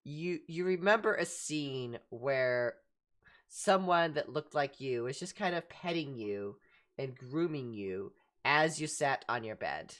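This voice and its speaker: Casting: woman game master, halting narration with restarts, a low voice. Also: expressive.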